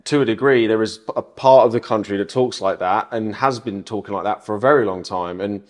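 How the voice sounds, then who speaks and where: A man with a southern English accent chats casually on a podcast. His voice sits on the low side. He talks thoughtfully, with plenty of filler words and restarts. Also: brisk. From southern England. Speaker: podcast co-host.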